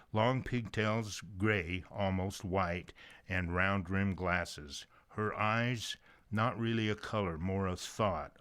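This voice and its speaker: A man's voice: sits low, a bit bright. An older man narrating his own first-person short story in a folksy, conversational way with casual asides.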